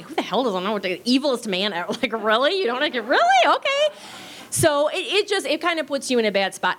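A woman teaching improv in a chatty, casual way, swearing freely and acting out quick bits of dialogue. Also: medium pitch, a bit bright. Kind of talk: casual spoken lesson.

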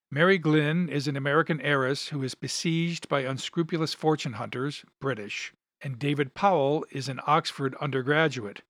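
A man hosting a podcast, giving measured, thoughtful commentary on film history and reading passages aloud. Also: medium pitch, a bit bright, no room sound, studio quality. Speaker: podcast host.

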